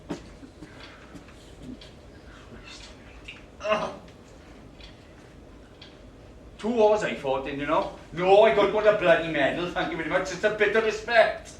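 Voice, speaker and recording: A man's voice: sits high, brisk, a little hiss or hum, close to an everyday voice. A man performing a live stage monologue as a cantankerous, swearing older man complaining in a hospital waiting room. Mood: indignant. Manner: gruff, complaining, swearing, bossy. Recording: roomy live stage sound, distant mic.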